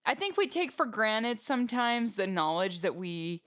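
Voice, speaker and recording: A woman hosting a podcast interview, speaking in measured, articulate sentences while setting up her next question. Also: on the high side, sing-song, a bit bright, smooth. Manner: measured, articulate, frequent backchannel laughs. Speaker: podcast host, former rodeo queen.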